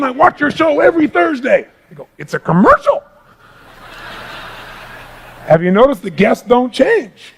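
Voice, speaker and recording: A gravelly middle-aged man delivers a motivational talk to a live audience in a large hall. His voice sits fairly high for a man, with a rough, grainy edge. He drops to near-whispers and then surges into shouts. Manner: booming, energetic, swinging from hushed to shouting. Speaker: motivational speaker.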